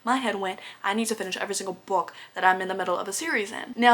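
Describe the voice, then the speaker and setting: A young woman talks about books on her vlog in a casual, rambling way. Her delivery is chatty and animated, peppered with fillers and slang. She sounds relaxed and unscripted. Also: medium pitch, fast, few pauses. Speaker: book vlogger. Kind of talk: casual rambling book review.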